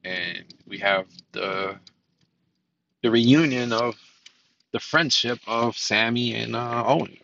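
A man's voice: medium pitch, a little slow, creaky, pushed and bright, dull audio, slight background noise. A man hosting a solo podcast in casual commentary style. He rambles, restarts his sentences, says "um" a lot and swears casually. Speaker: podcast host.

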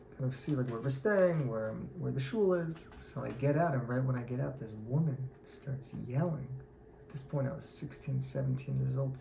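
Gravelly man telling a Torah story. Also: medium pitch. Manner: animated storyteller acting out quoted voices. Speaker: Torah teacher. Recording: echoey room, faint background noise.

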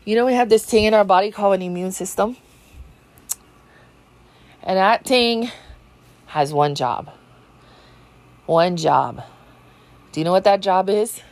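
A woman's voice: mid-range voice, fairly even intonation, normal speed, long pauses, a little mellow. A woman, hosting a podcast and telling a story in a casual way. She talks freely, swears, laughs often and says "you know" a lot. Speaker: podcast host.

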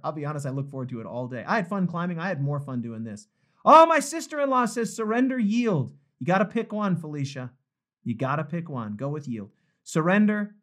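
A male pastor hosting a live-streamed book study. He reads viewer comments aloud, reacts to them cheerfully, and closes with an earnest prayer. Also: on the high side. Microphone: phone livestream.

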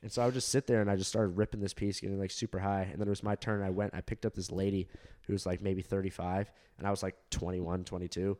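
A man's voice: deep voice, little pitch movement, quick pace, darkish tone. A young man from Southern California, a comedian, telling a long story in casual chat, rambling with lots of fillers, laughs and swearing. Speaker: comedian podcast co-host.

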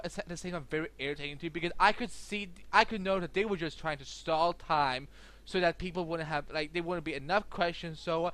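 A young man co-hosting a podcast in casual chat, excitable and rambling, with lots of fillers and restarts. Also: high voice. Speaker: podcast co-host.

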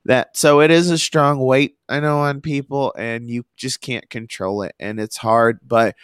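Slow, halting male podcast host. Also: mid-range voice, steady tone, clean tone, dry recording, studio quality. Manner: halting, loses his train of thought. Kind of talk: casual chat.

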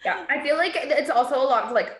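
A woman with a fairly high voice talks casually and laughs often, acting out other people's lines in a lively, exaggerated way. The room around her rings with a noticeable echo. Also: quick pace. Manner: giggly, animated, acts out quotes in a high voice. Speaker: mom and podcast guest. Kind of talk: casual chat. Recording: echoey room.

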